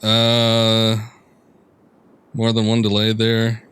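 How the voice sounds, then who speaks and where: A man's voice: lowish voice, monotone, extremely slow, a bit bright, smooth. A man streaming a video game, giving laid-back, jokey commentary and laughing often. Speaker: gaming streamer. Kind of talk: casual let's-play commentary. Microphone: headphones and desk mic.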